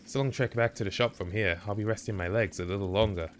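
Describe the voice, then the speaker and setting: Chatty cave-explorer map-maker in a video game, put on by a male streamer, low and easygoing, over a hissy stream mic. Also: sing-song. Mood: musing. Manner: reading a game character's lines aloud in a put-on voice, slower and unhurried. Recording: noisy stream audio with clicks.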